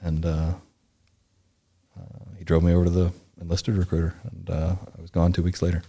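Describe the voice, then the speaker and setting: A man in his forties, from Indianapolis, tells his own story as an interview guest. His voice sits low and sounds mellow, and he rambles, stops and restarts often as he gathers his thoughts. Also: completely flat delivery, gravelly, husky. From Indianapolis, United States. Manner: rambling, halting, full of restarts and fillers. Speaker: podcast guest, former Navy SEAL and historian.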